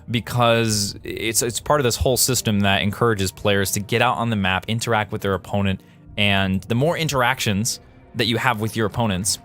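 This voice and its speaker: A man who designs games, explaining game design in casual commentary over footage, animated and full of quick exclamations. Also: on the low side.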